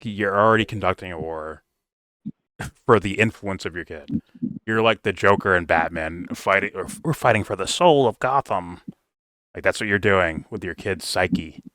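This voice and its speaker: Blunt, foul-mouthed man with a deep voice. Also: steady tone, moderate pace, sharp tone, dry recording. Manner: blunt, profane, swears freely. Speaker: film reviewer. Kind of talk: casual commentary rant.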